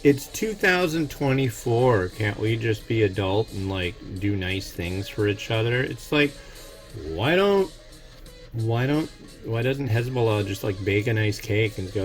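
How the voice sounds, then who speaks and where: A man's voice: fairly low pitch, animated, measured pace, faint music behind. Rambling, opinionated man chatting. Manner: rambling, opinionated, restarts often. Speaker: host of an instant noodle review channel. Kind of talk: casual chat while cooking and tasting.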